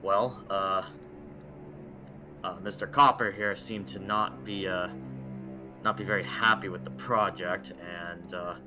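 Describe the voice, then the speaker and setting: A man voicing a gruff adventurer who halts and mumbles through a report, over faint music. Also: sits low, fairly even intonation, measured pace, pauses often.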